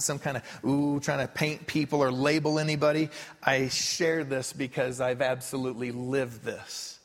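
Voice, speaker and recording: Guy preaching in a big church, voice jumps high and drops low, lots of echo. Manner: animated storytelling, voice rising and falling. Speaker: pastor. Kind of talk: sermon. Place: church sanctuary. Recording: long reverb of a hall.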